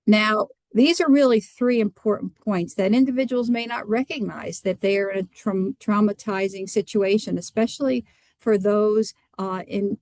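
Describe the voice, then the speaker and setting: A woman physician giving an earnest, measured lecture over a video call, with some restarts. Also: mid-range voice, a little mellow, no echo.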